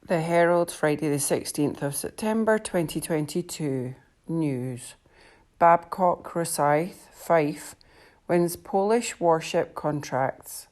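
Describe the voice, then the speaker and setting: Deep-voiced Scottish woman reading news. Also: a little mellow. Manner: measured, plain news reading. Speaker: volunteer newspaper reader. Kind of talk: reading news articles aloud.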